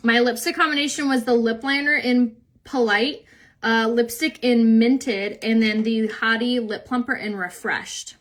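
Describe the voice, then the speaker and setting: This is a young woman chatting on her own makeup live stream. Her voice sits a little high. She rambles from story to story, filling gaps with "like" and "um", and laughs easily as she reads viewer comments. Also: steady tone, a little slow, a bit bright.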